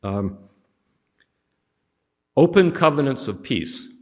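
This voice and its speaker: A man giving a history lecture in a room with a long, ringing reverb. His voice sits at an ordinary middle pitch. He talks casually and drops joking asides between points. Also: animated, slow, darkish tone. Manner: conversational with humorous asides. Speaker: history teacher. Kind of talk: classroom lecture with slides.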